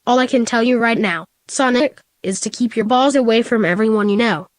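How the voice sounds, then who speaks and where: A woman reading as a calm, worried doctor. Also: fairly high pitch, fairly quick, no echo, clean studio sound, close to an everyday voice. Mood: earnest.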